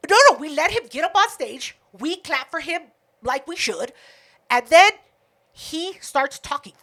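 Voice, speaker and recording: Woman, podcast co-host, high voice, casual storytelling, profane, acts out the dialogue. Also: a little slow. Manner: profane, animated retelling with quoted dialogue.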